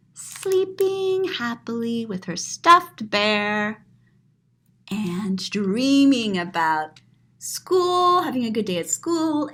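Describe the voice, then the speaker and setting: High, animated woman reading a children's story. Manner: dramatic, describes the pictures aloud with gasps and exclamations. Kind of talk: expressive children's read-aloud.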